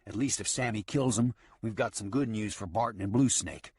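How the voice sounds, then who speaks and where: A man voicing a calm, scheming outlaw leader who gives firm orders in an audiobook. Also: fairly low pitch, moderate pace, slightly rough, no room sound, clean studio sound. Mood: commanding. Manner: firm, commanding.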